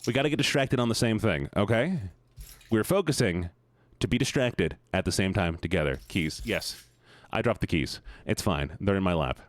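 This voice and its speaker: A young man streaming and chatting casually with viewers, rambling, swearing and breaking into sudden high-pitched outbursts. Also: animated, moderate pace, dry recording. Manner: rambling with restarts, talks to chat. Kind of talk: casual live-stream chat while gaming.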